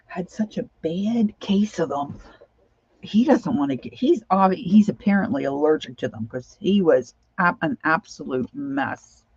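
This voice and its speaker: Chatty woman with a gravelly voice. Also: sits low, a little mellow, dull audio. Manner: chatty and rambling, reading viewer comments aloud. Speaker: crafting vlogger chatting with live viewers. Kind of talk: casual crafting chat.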